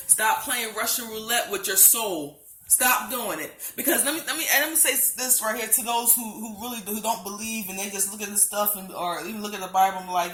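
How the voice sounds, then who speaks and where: Soft music plays behind a woman whose medium-pitched, sharp voice reverberates as she talks a little fast. She is a vlogger emotionally testifying to camera about a religious dream, near tears and heart racing. Earnest and pleading, she repeats herself and keeps restarting.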